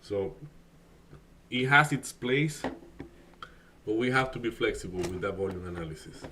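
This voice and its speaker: A man whose first language is Spanish talks casually on a live stream. His voice sits a little low, and he rambles, restarting his sentences and filling the gaps with "like". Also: animated, moderate pace, background noise. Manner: rambling, many fillers and restarts. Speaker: day trading streamer.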